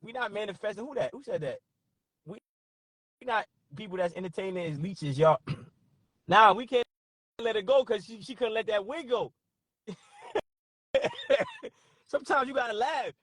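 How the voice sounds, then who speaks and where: Loud, laughing New streamer, high lively voice, dry close sound. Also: male voice, brisk, long pauses, husky, dry recording. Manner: laughing often, loud and profane, reacting to chat. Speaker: livestream host. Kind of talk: casual livestream chat.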